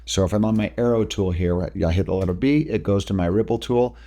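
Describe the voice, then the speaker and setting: A man talking through video editing steps in a casual software tutorial, explaining each click as he goes. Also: on the low side, fast. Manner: casual, talks through each step while working. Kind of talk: screen-recorded software tutorial.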